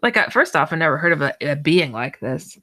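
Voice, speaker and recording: A woman guest and paranormal researcher telling a personal story in an animated, rambling way, full of false starts, her pitch leaping up when she acts out her own reactions. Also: brisk. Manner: excitable, jumps high when acting out her own reactions. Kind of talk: animated personal storytelling in an online audio chat.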